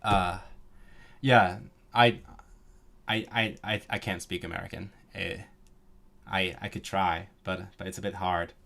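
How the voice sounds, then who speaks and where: A man's voice: sits low, steady tone, unhurried, gravelly, pauses often, fairly bright tone. Stammering, chatty man. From Hong Kong. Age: late 20s. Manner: chatty and joking, with frequent stammered restarts. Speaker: language-learning streamer. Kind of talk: casual live-stream chat, reading out viewer comments.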